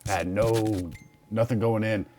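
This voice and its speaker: A man in casual chat telling a story in an animated, profane way. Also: fairly low pitch, measured pace, a little hiss or hum. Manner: animated, profane anecdote teller.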